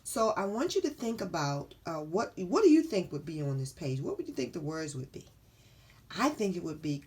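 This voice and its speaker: A woman reading a picture book aloud to children, slowly and encouragingly, asking them questions. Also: lowish voice, big pitch swings, darkish tone, slightly rough. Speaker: storybook reader.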